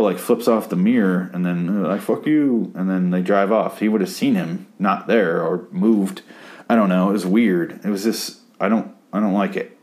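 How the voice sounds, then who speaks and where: Deep voiced young guy ranting thru a tv recap, swears constantly, sarcastic and rambly. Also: darkish tone. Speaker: TV episode recapper. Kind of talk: casual profane episode recap.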